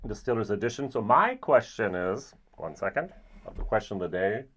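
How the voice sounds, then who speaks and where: A man giving a casual, rambling whisky tasting review, often pausing with ums. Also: lowish voice. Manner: relaxed, rambling with frequent ums.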